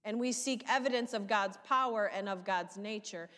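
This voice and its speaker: A woman pastor preaching a sermon in a measured, emphatic way, her questions sometimes rising with passion. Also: mid-range voice, fairly bright tone, in a large hall.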